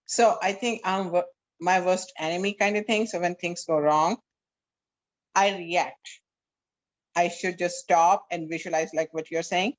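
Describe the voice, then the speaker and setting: A woman's voice: fairly low pitch, fairly even intonation, unhurried. Frank woman with slightly muffled audio. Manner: candid, storytelling, frank about own temper. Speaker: real estate agent and co-host. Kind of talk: casual discussion.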